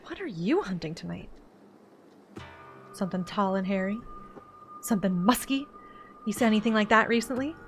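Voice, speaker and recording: A woman's voice: medium pitch, lively intonation, moderate pace, long pauses, faint music behind, lightly acted. A woman voicing an eager young woman who hunts monsters on video, in a voiced-over game, earnest and pleading. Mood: teasing.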